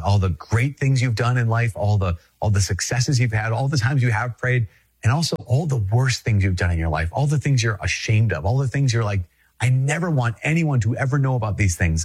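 Husky-voiced earnest priest, low tone. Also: male voice, darkish tone. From Minnesota. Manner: earnest and emphatic, repeats phrases for weight. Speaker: Catholic priest. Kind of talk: conversational spiritual teaching.

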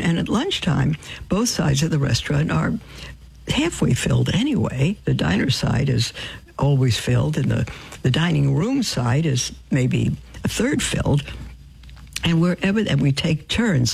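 An older woman hosting Catholic radio, telling faith stories with lively whispered emphasis. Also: deep voice, creaky, husky, low-quality recording. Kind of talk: storytelling appeal on radio.

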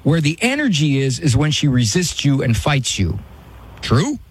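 A man's voice: on the high side, moderate pace, breathy edge. A man hosting a call-in radio advice show, blunt and direct with his caller. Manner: blunt, lively, mimics voices in quotes. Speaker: radio call-in host, psychologist.

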